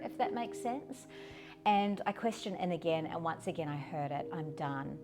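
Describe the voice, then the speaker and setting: A woman blogger giving casual, encouraging mindset tips and guiding a gentle breathing exercise, speaking in a conversational tone. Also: on the low side. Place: home, at her yoga mat. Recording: music bed under the voice. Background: background music.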